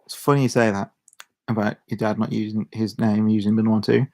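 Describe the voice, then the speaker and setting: Gravelly rambling Shropshire man. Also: on the low side, level tone, brisk, warm tone. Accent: Shropshire English. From Shropshire, England. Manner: rambling, self-interrupting, chuckles a lot. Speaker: YouTuber. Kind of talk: casual chat to camera.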